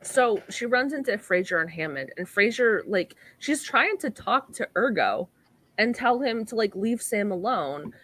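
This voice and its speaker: A woman's voice: medium pitch, expressive, unhurried, fairly bright tone. A young woman co-hosting a podcast, chatting casually through an episode recap with lots of "like" and acting out the quoted lines. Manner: chatty, filler-heavy "like", acts out quoted lines. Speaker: podcast co-host.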